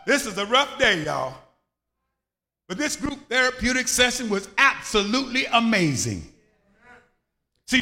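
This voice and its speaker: A bright, ringing man's voice preaches with wide swings of pitch, breaking into shouts and sing-song lines. He leads a congregation in call and response. The sound carries long reverb from a church hall. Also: creaky. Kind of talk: lively sermon with call and response.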